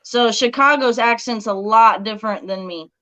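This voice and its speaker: A woman's voice: a little high, normal speed, pushed and bright, low-quality recording. Southern Illinois woman with a country drawl. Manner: friendly, laughs often. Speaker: guest model. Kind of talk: casual interview chat.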